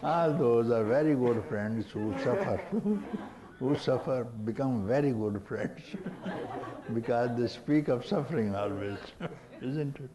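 An older man giving a spiritual discourse to a gathering, unhurried and teasing, often chuckling and prompting his listeners with a questioning "hmm?". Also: mid-range voice, dull audio, a crowd in the background. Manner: chuckles often while talking. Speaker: spiritual teacher.

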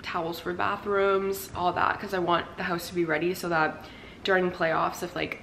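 A woman's voice: on the low side, flat delivery, normal speed, vocal fry, fairly bright tone. A young adult woman chatting casually to camera at home for her vlog, rambling and peppering her talk with "like". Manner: chatty and rambling, heavy use of "like". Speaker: lifestyle vlogger. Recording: roomy echo with faint noise.

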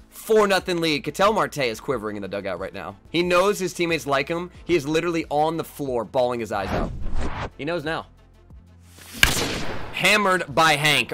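A young man giving live, trash-talking commentary on his own baseball video game, jumping between low mutters and sudden yells. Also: sing-song, normal speed, music in the background. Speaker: gaming YouTuber.

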